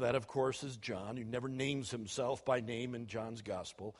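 A man preaching to students, animated, acting out quoted speakers with big swings in volume. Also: medium pitch, normal speed, hardly any pauses. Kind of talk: sermon.

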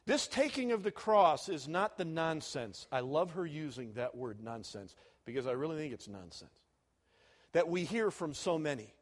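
A man preaching a sermon to students, animated, moving between loud and soft and chuckling at his own jokes. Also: on the high side, moderate pace.

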